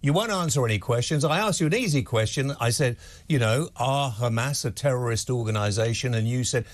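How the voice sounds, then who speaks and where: A man's voice: mid-range voice, expressive, brisk. A man hosting a TV talk show, blunt, pressing his guest with the same question again and again. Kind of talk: heated TV debate.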